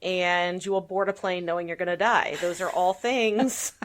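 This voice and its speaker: Animated, laughing woman podcast host. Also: on the low side, moderate pace. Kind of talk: casual chat.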